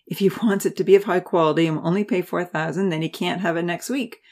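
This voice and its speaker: A woman's voice: lowish voice, fairly even intonation, fast talker, darkish tone. A woman voicing a grumpy, dismissive male professor who speaks curtly. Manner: curt, annoyed.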